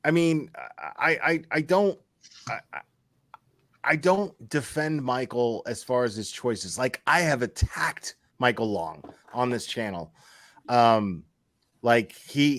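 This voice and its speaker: A man in the middle of a casual talk, heated and profane, circling back over the same phrases as he vents. His voice sits at an ordinary pitch and sounds close and dry, with no room around it. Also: dry recording. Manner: heated, profane, repeats himself. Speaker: YouTube channel host. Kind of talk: casual venting chat.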